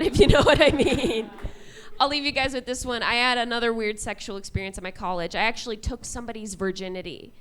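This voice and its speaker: A woman in her twenties performs stand-up comedy on a club stage with a slightly high, clear, resonant voice. She delivers her jokes deadpan and laughs at them herself.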